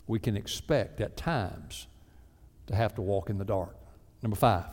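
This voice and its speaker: A man preaching a sermon as a pastor, lively and acting out mock prayers in other voices. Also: lowish voice, measured pace. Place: church sanctuary. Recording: reverberant church sanctuary.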